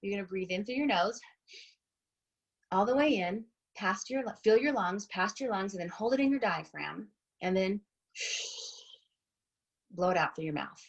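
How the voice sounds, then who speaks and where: A woman in her thirties speaks with a slightly husky voice in a relaxed, chatty group talk. She is a fitness instructor, upbeat and encouraging as she walks listeners through deep breathing. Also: moderate pace, long pauses, highs cut off.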